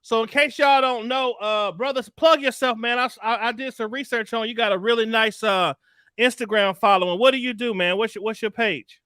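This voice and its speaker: A man with a very high, bright voice hosts a live stream in a relaxed, slangy way. He greets viewers one after another, and the sound is close and dry with no room echo. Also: a little fast, clear, resonant tone. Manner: laid-back, chatty, slangy shout-outs. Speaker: livestream host.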